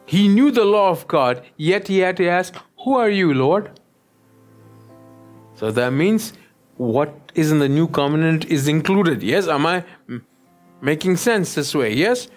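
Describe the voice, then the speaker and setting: A pastor preaching a sermon, often stopping to check that the listeners follow him. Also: male voice, a little high, expressive, measured pace, soft background music. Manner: keeps checking in with the listeners, asking "yes?".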